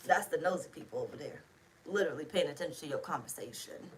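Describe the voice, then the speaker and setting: A low-pitched woman talks fast over background noise while giving a casual tarot reading to camera. She's blunt, emphatic, and chatty, with plenty of swearing.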